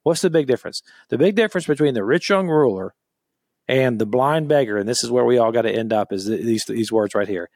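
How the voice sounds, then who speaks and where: A man's voice: medium pitch, a little fast, a little mellow, no room sound. Man, podcast co-host, earnest, emphatic, restarts often, Bible discussion, dry studio sound. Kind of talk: Bible discussion, reading scripture aloud.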